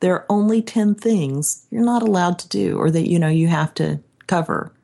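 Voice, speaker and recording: A woman in casual conversation about a book she read, animated and acting out quotes. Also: moderate pace, vocal fry. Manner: animated, acts out quotes with raised pitch. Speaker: book discussion co-host.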